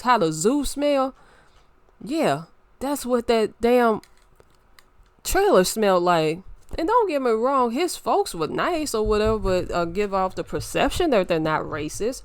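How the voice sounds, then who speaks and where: A woman with a Louisiana accent telling a story in an animated, indignant rant, muttering one moment and raising her voice the next. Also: fairly high pitch, no room sound. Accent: Southern US, Louisiana. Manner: animated, indignant, swings between muttering and raised voice. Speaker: vlogger.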